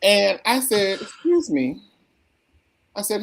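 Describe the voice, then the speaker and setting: A woman's voice: fairly low pitch, normal speed, a little hiss or hum. A woman co-hosting a casual podcast conversation, telling stories emphatically over a video call. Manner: emphatic, animated storyteller.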